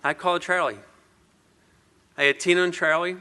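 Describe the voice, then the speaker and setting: A man's voice: high-pitched, steady tone, moderate pace, pushed and bright, smooth. A middle-aged man giving an earnest motivational speech, telling a personal story and asking the audience rhetorical questions. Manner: earnest, rhetorical questions, repeats words when emotional. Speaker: motivational speaker.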